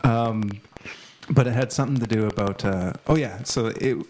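A man's voice: medium pitch, normal speed, darkish tone, a little hiss or hum, poor audio. A man in casual political chat, heated and scornful, rambling with many restarts. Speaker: podcast co-host.

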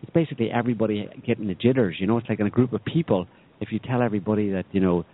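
A man's voice: on the low side, racing. Sardonic rambling man, tinny sound. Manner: rambling, sardonic, many restarts. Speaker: podcast co-host. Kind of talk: opinionated political chat.

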